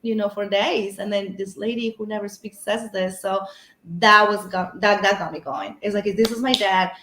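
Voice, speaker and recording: A woman's voice: mid-range voice, steady tone, moderate pace, roomy sound, background noise. A woman guest on a paranormal podcast, telling a personal story in a rambling, casual way full of fillers and restarts.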